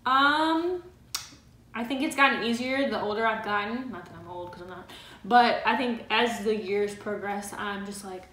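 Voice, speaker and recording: A woman co-hosting a casual advice chat with her partner, talking freely with lots of "like" and quick laughs. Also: fairly high pitch, fairly bright tone, reverberant. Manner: chatty, laughs easily, filler 'like'. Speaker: co-host of a couple's channel.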